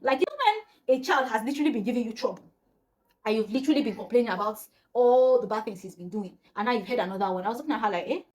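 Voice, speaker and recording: A young woman from Nigeria with a Nigerian accent, telling a personal story in casual vlog chat and acting out the voices of the people in it. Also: racing. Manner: animated, acts out quoted voices, often drops to a low murmur. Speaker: storyteller vlogger.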